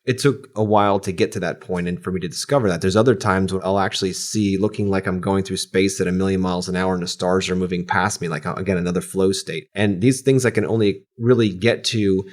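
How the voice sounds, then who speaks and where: A man hosting a podcast, speaking in a calm, reflective way in casual chat. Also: low-pitched, quick pace, few pauses. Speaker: podcast host.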